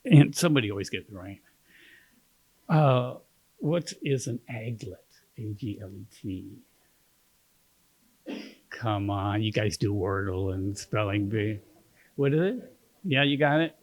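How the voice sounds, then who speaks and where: A man's voice: lowish voice, a little slow, pauses often, a little mellow. A man with a Kentucky accent reading his poetry at a book launch, chatting and joking with the audience between poems. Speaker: poet and magazine editor reading at a book launch. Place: literary center event room.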